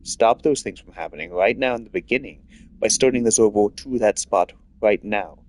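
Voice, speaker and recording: A man with a somewhat low voice talks casually while he plays a video game. He rambles through his ideas and leans on filler words as he thinks aloud. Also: normal speed, darkish tone. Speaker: game streamer. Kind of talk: casual rambling commentary over gameplay.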